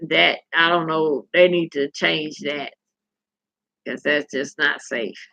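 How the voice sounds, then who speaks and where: Slow, gravelly woman in casual chat. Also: deep voice, pushed and bright. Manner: candid and salty, tells stories with profanity; chatty, addresses viewers directly. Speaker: livestream host reading viewer comments. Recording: dull lo-fi recording.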